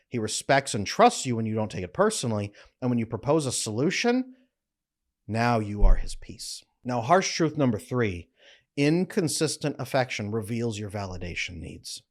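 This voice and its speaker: A middle-aged relationship coach talks straight to camera in a blunt, emphatic way. His mid-range voice jumps up often to drive points home. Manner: emphatic, blunt, animated with frequent pitch jumps. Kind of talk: direct-to-camera advice talk.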